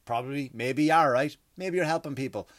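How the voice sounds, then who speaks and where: A man's voice: medium pitch, brisk, no echo, clean studio sound. A man in his thirties with an Irish accent, telling a comic story as a podcast host, rambling and swearing, with many restarts. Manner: rambling, profane, frequent restarts and asides.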